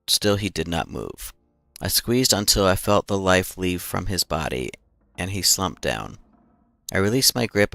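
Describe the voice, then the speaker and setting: A man voicing a grim old male colonial soldier, reading his diary slowly in a deep, solemn voice. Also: vocal fry, bright, forceful tone, dry recording, heavily acted. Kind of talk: reading game notes aloud.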